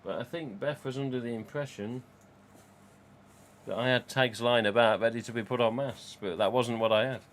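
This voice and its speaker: A man's voice: medium pitch, normal speed, slight background noise. A man, casually chatting and rambling on a live stream from home. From England. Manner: rambling, chatty, reads out chat.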